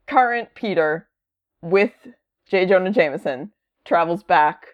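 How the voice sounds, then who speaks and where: A woman in casual podcast chat about comics, rambling with many fillers and lively quoted voices. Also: on the low side, measured pace, highs cut off.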